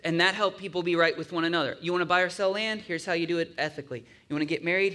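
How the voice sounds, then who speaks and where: A man's voice: a little high, very fast, few pauses, pushed and bright. A man preaching a sermon in a conversational way, often asking his listeners to agree and acting out grumbling voices in asides. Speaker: pastor.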